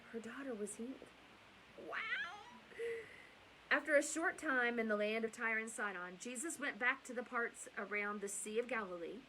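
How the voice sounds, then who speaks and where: A woman's voice: on the high side, fairly bright tone, slight background noise, rough recording. A middle-aged woman hosting bedtime Bible stories, chatty and rambling, with asides and self-corrections. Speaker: storyteller and host.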